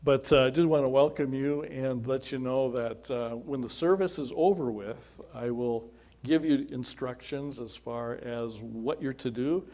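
A man's voice: medium pitch, a little slow, mellow. A middle-aged man, a pastor, welcoming people to a simple memorial service in a chatty, folksy storytelling way. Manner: chatty, folksy storytelling with quoted dialogue and asides.

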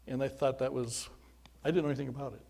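A middle-aged pastor speaks fast in a steady, medium-pitched voice that is dark, husky, and touched with vocal fry. He welcomes people to a simple memorial service, chatting folksily through stories with quoted dialogue and asides.

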